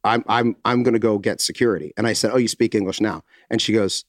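Animated man telling a story. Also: fairly low pitch, fast talker, dry recording, studio quality. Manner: animated storyteller, acts out quotes, swears freely. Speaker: podcast co-host. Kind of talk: casual chat, storytelling.

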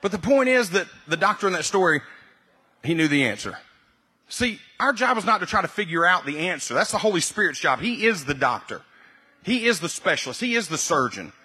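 A male pastor preaching a sermon, repeating key phrases and building to loud, emphatic peaks. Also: sits high, sing-song, a little fast, slightly rough.

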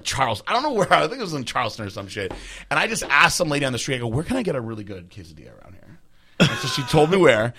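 A man rattles through a story at a rapid clip, his voice bright and forward. He swears freely and rambles, poking fun at himself as he goes. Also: fairly high pitch. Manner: rambling, profane, self-deprecating. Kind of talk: casual storytelling.

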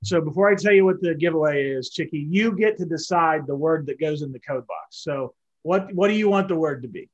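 In a conversational interview, an author guest reflects earnestly on leadership, frequently restarting with the same first words. He has a brisk voice on the high side, and the audio sounds dull.

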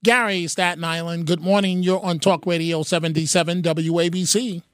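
A man's voice: a little high, steady tone, normal speed, fairly bright tone, clean tone, no room sound, studio quality. A man hosting a call-in talk radio show, joking and emphatic, working the phones with callers. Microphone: studio microphone.

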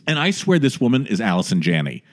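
Animated man hosting a chatty podcast. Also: lowish voice, quick pace. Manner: playful, animated storytelling. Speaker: podcast host. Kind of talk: casual podcast chat.

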